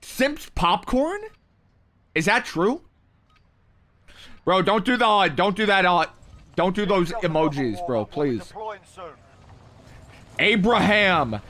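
A young man with a high, fairly bright voice livestreams a mobile game. He reads his chat aloud, bantering in a hyped, playful, slangy way.

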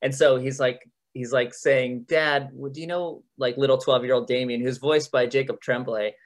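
A man of ordinary, mid-height pitch speaks as a guest on a podcast, chatty and quick to laugh. He often restarts his sentences as he tells stories about making a show. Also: fairly even intonation. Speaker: TV executive producer and head writer. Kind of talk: casual podcast interview.

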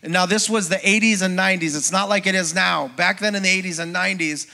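A middle-aged man, a pastor, preaching a sermon as a lively personal testimony and acting out the voices of people in his story. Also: high voice, fast, vocal fry. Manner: storytelling, acts out quoted voices, conversational with congregation.

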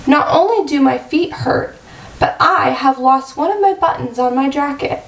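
A woman's voice: high voice, moderate pace, creaky, slight background noise. A woman voicing a grumpy, fussy male toad in a picture-book read-aloud, talking in a complaining, insistent way. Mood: grumbling. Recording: echoey room, far-off mic.

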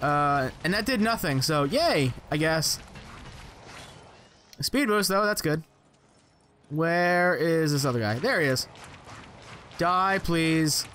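Young male gamer narrating his play with jokes and curses; bright voice, faint noise behind. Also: on the high side, expressive, slow pace, pauses often. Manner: exclaiming, swearing, joking to himself. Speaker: gameplay commentator. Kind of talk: casual let's play commentary.

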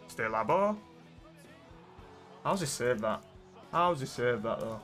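A young man commentating his own football video game match, muttering to his players and then yelling at them. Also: medium pitch, lively intonation, slow, long pauses, soft background music. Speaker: gaming streamer. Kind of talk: excitable gameplay commentary.

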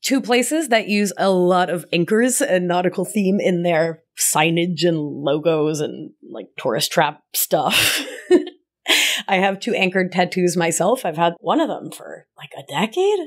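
A woman's voice: on the low side, animated, unhurried. A woman life coach hosting her podcast, talking in an affectionate, chatty way and often laughing at herself. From Argentina, raised in Rhode Island. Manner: affectionate, calls listener my love, laughs at herself. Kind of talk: warm conversational podcast monologue.

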